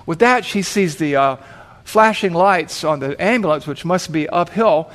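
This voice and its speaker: A man's voice: a little high, expressive, moderate pace, a bit bright. A man preaching, telling a dramatic illustration and acting out the voices of the people in it. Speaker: pastor. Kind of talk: sermon illustration storytelling.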